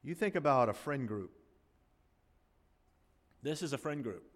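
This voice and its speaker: A man's voice: medium pitch, expressive, a little slow, in a large hall. A male pastor preaching a sermon to his congregation, emphatic and full of rhetorical questions. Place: church sanctuary.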